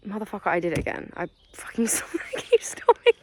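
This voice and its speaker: A woman's voice: medium pitch, wildly swooping pitch, fast, very noisy. A young woman, chatting casually and rambling in a vlog while sitting outdoors in woodland. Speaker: vlogger.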